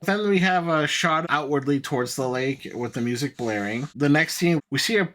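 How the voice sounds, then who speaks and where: A man's voice: fairly high pitch, normal speed, fairly bright tone. A man co-hosting a podcast, casually recapping a film plot in a loose, rambling way with plenty of fillers. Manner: easygoing, rambling, many fillers. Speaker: podcast co-host.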